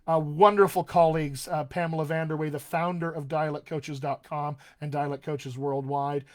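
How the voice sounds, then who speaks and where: Upbeat dialect coach, slightly high voice. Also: male voice, level tone, normal speed. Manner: enthusiastic, emphatic, conversational with many fillers. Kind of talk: live Q&A stream.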